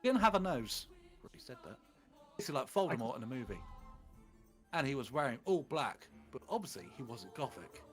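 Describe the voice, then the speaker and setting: A man's voice: medium pitch, sing-song, brisk, soft background music. A man on a stream reading fanfiction aloud, breaking off with exasperated commentary. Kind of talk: comic dramatic reading.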